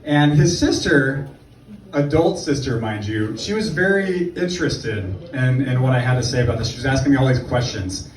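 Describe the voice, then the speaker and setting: A male stand-up comedian performs a set on a comedy club stage, his medium-pitched voice delivered at normal speed with lively sarcasm. He rambles through stories full of asides. The echoey room is recorded from far off, with audience laughter in the background.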